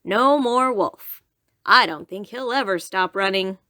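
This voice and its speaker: A sturdy, kindly woodcutter from a bedtime story, read by a woman in a lightly lifted voice. He speaks firmly and steadily, slow and reassuring, in a dry, close sound. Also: medium pitch, sharp tone, dry recording.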